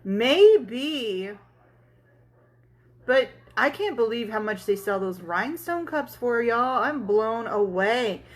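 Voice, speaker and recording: A woman's voice: a little high, lively intonation, slow. A woman hosting a casual crafting livestream, telling a story in a chatty way and talking to viewers as she works. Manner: chatty storyteller, answers viewers, swears and laughs freely. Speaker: tumbler crafting livestream host.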